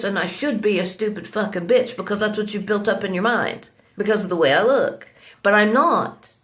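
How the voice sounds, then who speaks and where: A woman's voice: on the high side, a bit bright. Furious ranting woman, profane and accusing. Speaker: vlogger. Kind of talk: angry confrontational rant.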